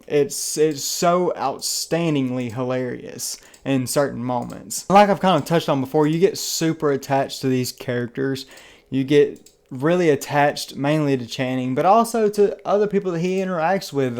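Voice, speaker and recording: A man's voice: medium pitch, moderate pace, darkish tone. Chatty Southern man reviewing a film. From Southern United States. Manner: rambling and chatty, restarts phrases, many fillers; earnest and enthusiastic. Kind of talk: casual spoken movie review.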